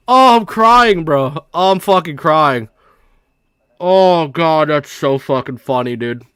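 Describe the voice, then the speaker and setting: Man, live-stream commentary, laughing and swearing, high voice, unhurried, dry close sound. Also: fairly bright tone, smooth, no room sound. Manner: laughing hard and swearing while reacting to a clip. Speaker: livestreamer.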